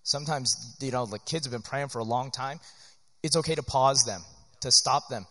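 A man preaching in an earnest, animated, conversational way, often checking in with "right?", teaching church workers. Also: mid-range voice, normal speed. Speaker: pastor. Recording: long hall reverb.

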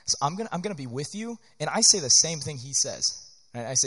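A man preaching in an earnest, animated, conversational way, often checking in with "right?", teaching church workers. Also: a little high, fast talker, breathy edge. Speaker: pastor. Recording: long hall reverb.

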